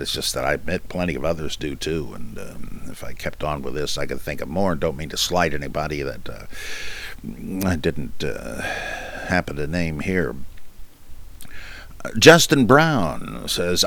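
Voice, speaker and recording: Slow, deep-voiced man rambling with fillers. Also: fairly bright tone. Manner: rambling, halting, many fillers; self-deprecating humor. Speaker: podcast host. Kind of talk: casual monologue answering listener questions.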